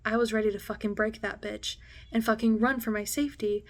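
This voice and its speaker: A young woman talks straight to camera, telling a painful story from her own life with raw candor, filler words and frequent swearing. Her pitch stays mid-range and oddly flat even as the story grows heavy, and at its hardest points her voice sinks to a hushed near-whisper. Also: fast. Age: young adult. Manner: candid and emotional, heavy on "like" and swearing; drops to a hushed near-whisper at intense moments. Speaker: vlogger.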